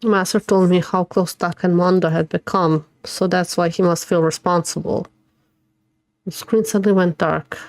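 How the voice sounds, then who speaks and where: A woman's voice: on the low side, fairly even intonation, moderate pace, darkish tone, dry recording. Emotional woman streamer reading game dialogue. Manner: emotional, reads game text aloud with reactions. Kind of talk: live gameplay commentary, reading dialogue aloud.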